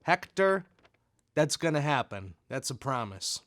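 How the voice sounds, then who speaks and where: A man's voice: mid-range voice, expressive, moderate pace, a bit bright, no echo, clean studio sound. A man who makes videos, chatting in an easygoing, self-deprecating way as he responds to fan letters. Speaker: video creator.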